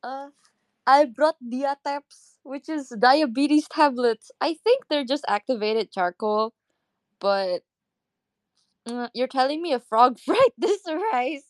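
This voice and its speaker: A woman's voice: high voice, slow pace, dry recording. A young woman from Indonesia chatting casually in a live audio room, rambling, swearing freely and laughing often. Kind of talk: casual chat.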